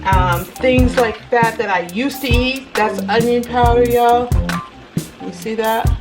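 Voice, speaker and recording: Slow-paced and fairly high-pitched with fairly even intonation, a vlogger talks directly to viewers as she cooks in her home kitchen. It's casual cooking chat, recorded in low-quality home video with loud background music.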